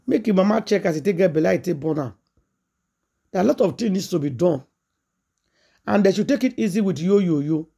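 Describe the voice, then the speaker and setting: A man with a Nigerian Pidgin English accent, hosting a gossip channel and retelling a story in excited, repetitive casual commentary. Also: sits high, fairly quick, creaky, long pauses, husky.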